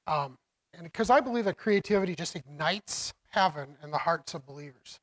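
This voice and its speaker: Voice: medium pitch, expressive, moderate pace, poor audio. Preacher rambling thru a sermon, lots of um's and restarts, laughs a lot. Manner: rambling, many restarts and fillers, laughs often. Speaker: preacher teaching about the children's ministry.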